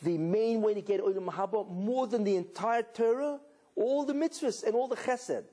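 A man delivers a sermon to a live audience, voice somewhat high and husky. He tells the story with animated energy and keeps checking in with rhetorical questions. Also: moderate pace. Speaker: rabbi.

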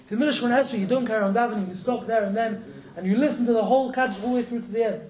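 A man teaching a casual religious lesson, quick and joking, chuckling between points. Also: extremely high pitch, darkish tone, echoey room, rough recording. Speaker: rabbi teaching a class.

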